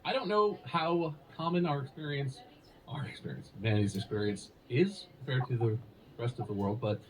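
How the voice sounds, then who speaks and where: A man's voice: mid-range voice, moderate pace, poor audio. A man hosting a podcast in casual comedic chat, speaking in a dry, teasing way as he starts a story. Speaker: podcast host.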